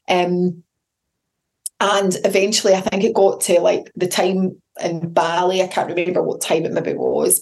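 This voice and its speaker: A woman's voice: on the low side, a little mellow. A woman with children, hosting her podcast solo and telling a candid personal story in a chatty way, acting out the voices of the people she quotes. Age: adult with children. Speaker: podcast host.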